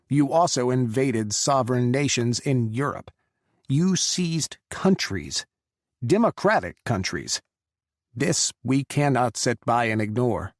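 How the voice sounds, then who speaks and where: A man voicing a guarded American president who speaks in a firm, measured way. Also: medium pitch, dry recording, clean studio sound, close to an everyday voice.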